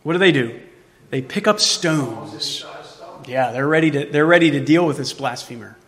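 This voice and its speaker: A man preaching a sermon as pastor, asking the congregation rhetorical questions and moving between loud emphasis and hushed tones. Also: mid-range voice, lively intonation, normal speed, in a large hall.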